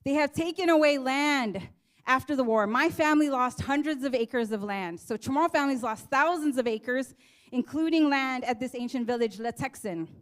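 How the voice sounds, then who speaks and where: A woman's voice: high-pitched, normal speed. A woman from Guam speaking at a teach-in, an earnest and impassioned activist giving a rally speech. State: emotional, near tears. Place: teach-in event hall.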